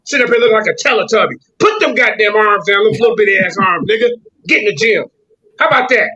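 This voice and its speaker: A man's voice: sits high, fast, sharp tone, slightly rough, highs cut off. A man, arguing heatedly on a call-in panel and insisting he not be interrupted. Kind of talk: heated argument.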